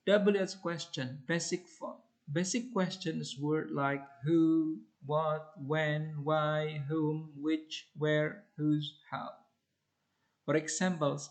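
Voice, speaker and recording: Male teacher reading lesson examples, fairly high voice, unhurried, deliberate delivery. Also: poor audio. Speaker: English teacher. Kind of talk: reading lesson material aloud.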